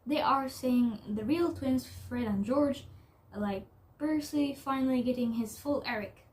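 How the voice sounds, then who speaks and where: A young adult woman in a casual vlog commentary, talking haltingly with lots of fillers and restarts. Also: high-pitched, a little mellow. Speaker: YouTuber.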